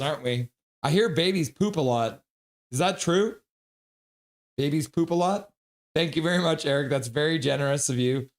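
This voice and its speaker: Man, hockey stream commentator, slightly high voice, excitable, reads chat aloud. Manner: excitable, shouts out viewers' chat messages. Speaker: streamer doing live hockey play-by-play. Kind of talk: casual live-stream commentary.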